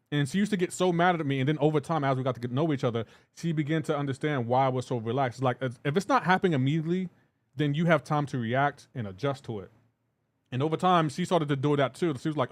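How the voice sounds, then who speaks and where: Male game streamer, rambling and relaxed, slightly higher voice, laughs often, talks straight to his chat. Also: fast. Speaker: livestreaming gamer. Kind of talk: casual chat with live viewers while gaming.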